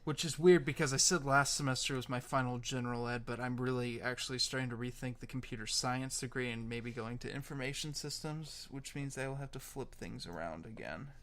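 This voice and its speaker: A young man speaking at a middle pitch in a relaxed, casual podcast chat. He thinks aloud as he browses, with plain, easygoing delivery. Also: brisk, hardly any pauses. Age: young adult. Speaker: podcast co-host.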